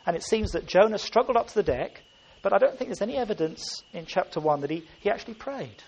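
A man's voice: high voice, lively intonation, quick pace, creaky, a little mellow, slightly rough. A man preaching a sermon, earnest and emphatic, often restarting his phrases.

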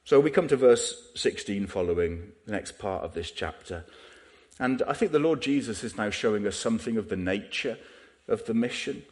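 Male preacher, lowish voice, conversational sermon delivery with rhetorical questions. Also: animated, moderate pace, darkish tone.

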